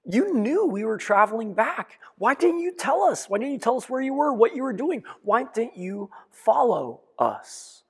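A man's voice: very high-pitched, sing-song, normal speed, few pauses, husky, pitched above the performer's own voice, full character voice. A man voicing a frantic, angry mother who scolds her son in raised, pleading tones. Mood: angry, distraught. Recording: long echoing reverb.

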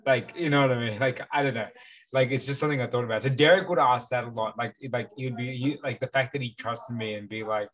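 A man's voice: mid-range voice, fast, a bit bright, poor audio. A man, co-hosting a podcast in loose casual chat, rambling with lots of "like" fillers and the odd swear. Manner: rambling, heavy use of "like" fillers, occasional swearing. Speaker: podcast co-host.

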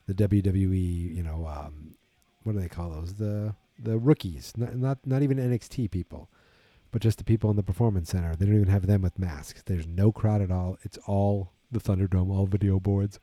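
A man talks in a low, deep, very dark voice that sounds a little husky. He rambles casually and tiredly, full of fillers and false starts. The recording is dry and close. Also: fairly even intonation, normal speed, no echo. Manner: rambling, lots of fillers and restarts. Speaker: wrestling podcast host. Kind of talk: casual solo commentary.

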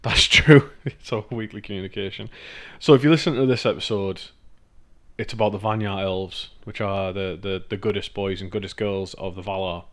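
Northeast english guy cohosting a podcast, low voice, rambly and sweary, laughs a lot. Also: fairly even intonation, normal speed, a bit bright. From Northeast England. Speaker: podcast co-host. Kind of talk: casual chat.

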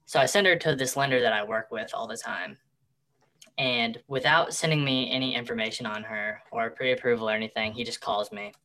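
A man's voice run through a distortion effect to keep him anonymous, bright and edgy in tone. He tells a story in a loose, rambling way, stalling on fillers and restarting his sentences. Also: medium pitch, a little fast. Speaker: real estate agent. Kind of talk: casual storytelling.

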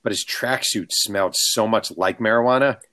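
His voice is on the low side and his pace moderate. A book author appearing as a guest, he relays anecdotes in relaxed conversation, acting out quoted people with animation.

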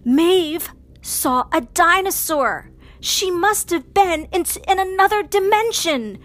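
A woman narrating a bedtime story for children in a slow, sing-song, dramatic way. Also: extremely high pitch, expressive, fairly bright tone.

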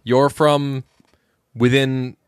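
Speaking extremely slowly with a medium, fairly flat pitch, a young podcast co-host from the Boston area rambles through casual talk. He has a faint Boston accent, swears freely, and imitates the voices of people he quotes, all captured in clean, echo-free studio quality.

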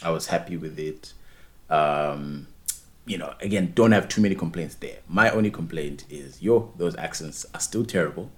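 A man's voice: sits low, moderate pace. A man co-hosting a podcast in casual chat, rambling and repeating words as he restarts his thoughts. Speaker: podcast co-host.

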